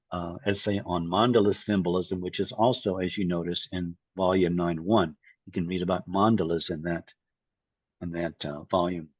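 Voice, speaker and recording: Middle-aged male lecturer, lowish husky voice, loose talk full of restarts; dull, dry lo-fi recording. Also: a little mellow, no room sound. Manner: thinking aloud with restarts and repeated phrases. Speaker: Jungian analyst lecturing. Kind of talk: informal lecture.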